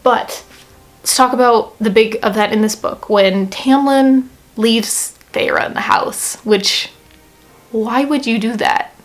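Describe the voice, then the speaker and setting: A young woman's fairly high voice, chatting in a casual vlog as she reviews a book. She gushes and rambles, drops "like" all the time, and plays out little exaggerated reactions. It sounds like a camera mic in a room at home. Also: slow pace, faint music behind. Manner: chatty and gushing, many "like" fillers, playful mock-quotes.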